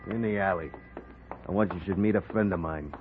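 An actor playing a menacing gunman thug in an old radio drama, muttering his threats low, on a tinny broadcast recording. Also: fairly quick, faint music behind, natural voice.

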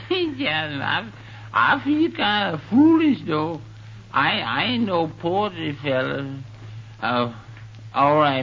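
An actor playing a bashful, slow-witted grown male pupil in an old radio comedy, speaking in a hesitant, ungrammatical drawl. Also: on the high side, creaky, full character voice. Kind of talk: 1930s radio comedy acting. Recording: muffled old radio recording.

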